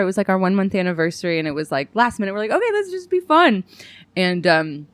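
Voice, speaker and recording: A woman's voice: medium pitch, fast, no echo. A woman comedian, a podcast guest, telling a story in casual chat, laughing and swearing as she talks. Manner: animated, laughing, swearing, lots of "like".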